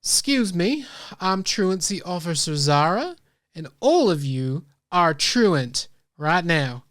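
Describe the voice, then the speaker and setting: A woman voicing an impatient female lion-folk truancy officer, slow and stern. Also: on the low side, big pitch swings, dry recording, studio quality.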